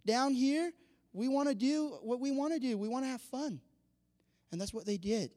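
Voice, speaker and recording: A high-pitched man delivers a lively sermon, acting out the voices of the people he quotes. His words ring out with a long reverb, as in a large hall. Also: normal speed. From Vietnam. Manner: animated, acts out quoted dialogue, laughs often. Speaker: pastor.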